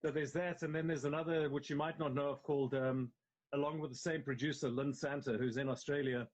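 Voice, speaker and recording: A man's voice: on the high side, fairly even intonation, a little fast, rough recording. A man with a South African accent, an actor chatting in a live interview, talking in long, emphatic runs full of restarts. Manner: rambling, emphatic, frequent restarts. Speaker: actor guest. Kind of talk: casual interview chat. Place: at home on a live video call. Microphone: mobile phone live stream.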